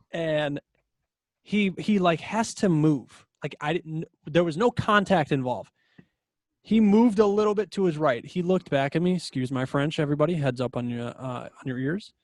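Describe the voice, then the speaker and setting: A man's voice: fairly high pitch, no room sound, clean studio sound. A young man co-hosting a casual podcast, telling a story with lots of laughs. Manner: animated storyteller, laughs often. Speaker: podcast co-host. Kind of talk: casual chat.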